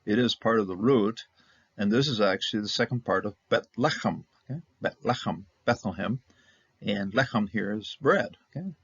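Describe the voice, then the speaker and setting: Man, teacher, low pitch, gravelly, halting and relaxed, dry dull recording. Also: no room sound. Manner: relaxed, halting, many fillers and restarts. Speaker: Hebrew teacher. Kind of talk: informal recorded lesson.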